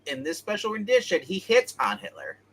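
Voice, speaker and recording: A man's voice: high voice, wildly swooping pitch, a bit bright, husky, low-quality recording. A man co-hosting a casual comic book chat, joking and cracking wisecracks. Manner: jokey, quick to crack wisecracks. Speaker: co-host.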